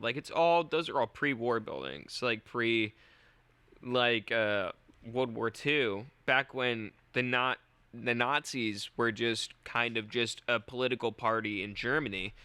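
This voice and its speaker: A man's voice: medium pitch, sharp tone, smooth, no echo. A man co-hosting a comedy podcast, riffing casually with crude jokes and putting on silly voices. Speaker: podcast co-host.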